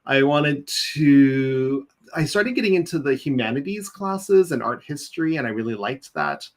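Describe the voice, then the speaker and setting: A man's voice: medium pitch, moderate pace. A man from California, a nursing executive guest in an interview, telling stories animatedly and acting out quotes. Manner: animated storyteller, acts out quotes, laughs. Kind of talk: interview conversation, storytelling.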